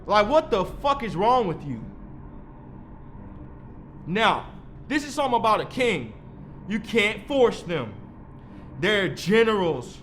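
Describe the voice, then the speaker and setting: This man in his thirties, a vlogger, rants in a heated, profane, preachy way as he lectures and rambles. His high-sitting voice is a bit bright, with slight background noise behind it.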